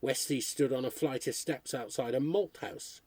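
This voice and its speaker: A man with a husky voice reading a history book aloud, steadily working through dates and places. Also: mid-range voice, moderate pace, a little mellow, dry recording. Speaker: reader.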